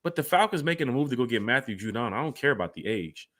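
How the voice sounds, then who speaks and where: With a medium-pitched voice and a fast delivery, a man hosts a sports fan podcast, addressing his co-host directly in casual talk that's animated and rambling.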